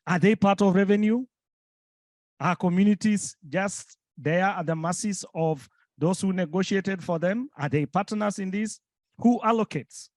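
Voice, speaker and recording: A man with a fairly high voice closes his remarks on a panel. He speaks in an earnest, urging way. The recording is dry and close. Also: measured pace, no echo. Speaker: panelist, community advocate. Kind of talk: closing remarks of a speech.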